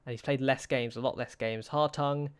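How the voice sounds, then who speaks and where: A young man talks through a football management game in a smooth, clear voice at an ordinary pitch. He frets and pleads with his players, sighing between matches. The sound is dry and close. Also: steady tone, normal speed, dry recording. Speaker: gaming YouTuber. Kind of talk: casual gameplay commentary.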